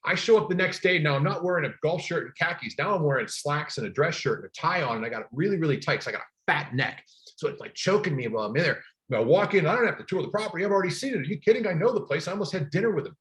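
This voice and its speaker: A man's voice: a little high, very fast. A middle-aged man teaching a class for real estate agents, talking emphatically and telling stories from his own work. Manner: energetic, emphatic coaching with personal stories.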